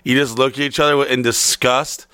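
Dry-voiced man, profane and deadpan. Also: medium pitch, moderate pace, clean tone, no echo. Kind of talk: casual storytelling chat.

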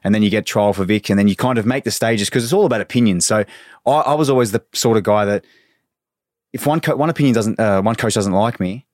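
A man's voice: lowish voice, quick pace, darkish tone, no echo, studio quality. A man in his thirties, a former footballer, telling stories in a casual podcast chat and swearing freely. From Australia. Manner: swears freely, tells anecdotes with quoted voices.

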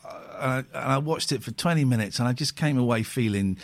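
A man hosting a live phone-in radio show, rambling and animated, swearing freely. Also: medium pitch, fast talker. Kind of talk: casual live radio talk.

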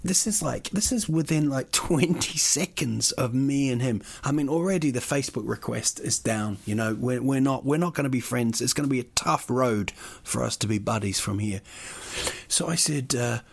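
A man's voice: mid-range voice, normal speed, gravelly, breathy edge. A man, a comedian, telling a rambling, sweary comic story that keeps getting more worked up.

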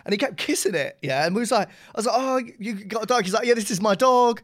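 Man, podcast guest, animated storyteller, high pitch, swooping intonation. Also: quick pace. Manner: laughs often, animated storytelling. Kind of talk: casual chat.

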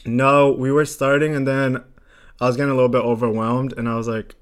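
A man's voice: medium pitch, a little fast, clean tone. Young male podcast co-host with a mid-range voice, telling stories casually and acting out what people said. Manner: animated storyteller, acts out quotes, laughs often. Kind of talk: casual chat.

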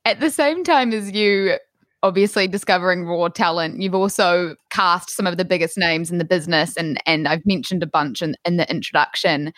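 Woman host with a lowish voice, eager and quick to laugh, dry close sound. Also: a bit bright, no echo. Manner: laughs often, eager questions. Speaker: podcast host. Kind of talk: casual interview.

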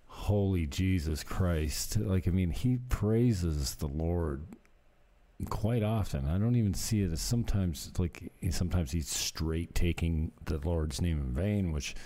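Man, very low voice, dark and mellow tone, rambling casual commentary. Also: measured pace. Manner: rambling, ranting, self-deprecating. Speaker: co-host reacting to videos.

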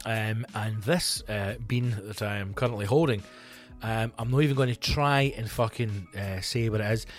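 A man's voice: on the low side, normal speed, faint music behind. A Scottish comedian hosting his own podcast, talking alone in a loose, rambling, sweary, conversational way. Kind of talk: casual solo podcast chat.

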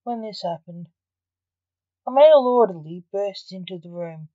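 A woman, the author, narrates her own story in a slow, measured reading style. Her voice sits at a middle pitch. The recording is dry and slightly muffled. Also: expressive, warm tone, dry recording.

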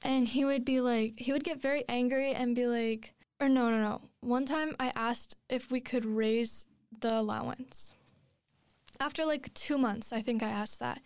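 A woman's voice: on the high side, fairly even intonation, normal speed, darkish tone, smooth, no echo, studio quality. A woman in her twenties telling a long personal story in a casual chat, rambling with many fillers and restarts. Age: 20s.

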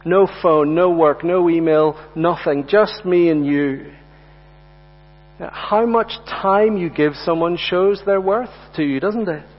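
A man delivers an earnest sermon from a lectern, repeating words as he drives his points home. His voice sits a little high for a man. The recording is dull and lo-fi, with a long reverb from the hall. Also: slow pace. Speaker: preacher. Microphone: lectern mic.

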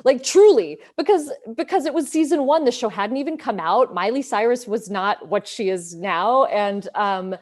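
A woman in her thirties, an actress talking in a relaxed interview, chatty and self-deprecating, acting out quoted lines with lively shifts in voice. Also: on the high side, normal speed, hardly any pauses. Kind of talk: casual interview chat.

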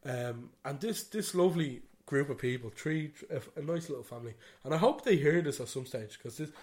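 An Irish man co-hosts a podcast, rambling through a story in casual chat. His voice is a little high, darkish and expressive, and he talks a bit fast, swearing freely and dropping in "you know what I mean."

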